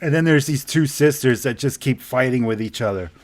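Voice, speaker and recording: A man's voice: mid-range voice, fairly quick. A man co-hosting a podcast, chatting casually with crude humor, laughing a lot and mimicking people in silly voices. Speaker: podcast co-host. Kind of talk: casual comedic chat.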